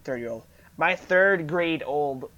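This podcast co-host, a young man with a fairly high voice, takes his time telling a story during a relaxed chat. Lively in manner, he voices the dialogue as he goes, though the recording sounds dull and lo-fi.

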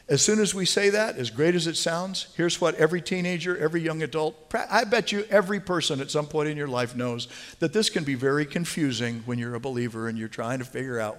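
High-voiced animated preaching man. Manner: animated preaching, swings from hushed asides to near-shouting. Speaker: pastor. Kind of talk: sermon. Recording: long hall reverb.

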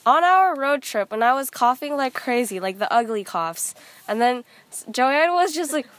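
A woman's voice: high voice, animated, moderate pace, a bit bright, no echo. A teenage girl co-hosting a podcast, chatting casually with friends, rambling and giggling with lots of fillers. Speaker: podcast co-host. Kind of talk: casual chat among friends.

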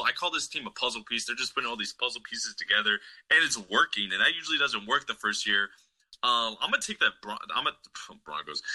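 A man co-hosting a sports podcast, talking in a profane, excitable, rambling way. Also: mid-range voice, poor audio. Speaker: podcast co-host. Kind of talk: casual sports chat.

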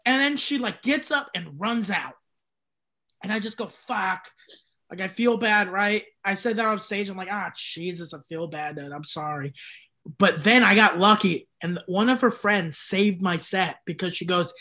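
A male stand-up comedian telling heckler stories in casual chat, animated and swearing, often breaking into laughter. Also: high voice, moderate pace.

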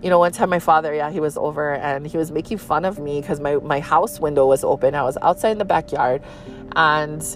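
A woman's voice: low voice, a little fast, soft background music. A woman with a Hawaii Pidgin-tinged accent, hosting a casual solo podcast in a chatty, candid way with frequent swearing. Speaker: podcast host.

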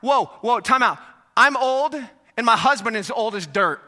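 A man's voice: extremely high pitch, expressive, slow, fairly bright tone, voice pushed up, full character voice. A man voicing an exasperated, stubborn old woman who insists in sassy, emphatic protests that she is too old for children. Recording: echoey hall reverb.

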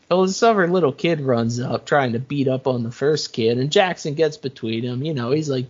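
A man co-hosting a podcast, casually recapping a movie and acting out its lines in an animated way. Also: medium pitch, normal speed, hardly any pauses, slightly rough. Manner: animated, retells scenes with quoted lines and laughs. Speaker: podcast co-host. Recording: muffled lo-fi audio.

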